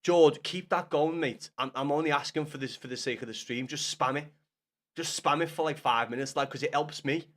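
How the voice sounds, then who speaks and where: A man's voice: a little high, fairly quick, a bit bright. A man chatting with his live-stream viewers, full of banter and swearing, repeating himself and calling them lad and mate. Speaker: streamer reading chat.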